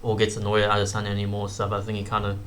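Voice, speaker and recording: A man's voice: fairly low pitch, monotone, very fast, fairly bright tone, slight background noise. A young man giving casual commentary as a YouTube host, rambling with fillers and slang.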